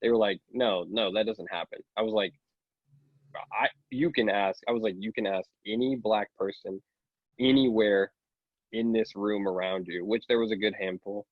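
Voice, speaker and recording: A man's voice: lowish voice, steady tone, normal speed, dry recording, muffled recording. A man in a casual podcast chat, telling a story and quoting what others said.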